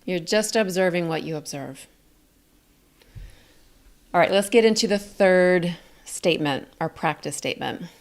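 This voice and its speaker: Lower-voiced woman coach, calm and clear, walking you through a lesson. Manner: calm, explains slowly and clearly, demonstrates statements. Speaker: communication coach. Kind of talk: teaching a video lesson.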